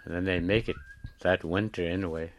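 A man's voice: low voice, steady tone, a little fast, slight background noise. A man telling a traditional animal tale in plain, simple phrasing. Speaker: storyteller. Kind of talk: traditional oral storytelling.

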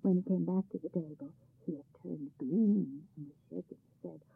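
A woman narrates a folk tale with an expressive, lively read. Her voice is husky with a gravelly edge. It sounds dry and tinny, like it comes through a phone line. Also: lowish voice, normal speed. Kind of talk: storybook narration.

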